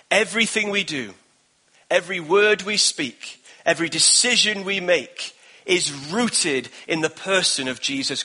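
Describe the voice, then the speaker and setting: A man's voice: on the high side, bright, forceful tone. A man preaching a sermon as pastor, emphatic and repetitive, building in bursts.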